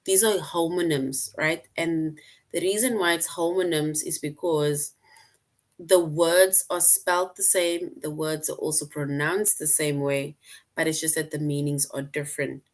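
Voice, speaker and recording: A woman's voice: low-pitched, steady tone, unhurried. A woman teacher explaining a lesson patiently to her class online, often checking in with "right?".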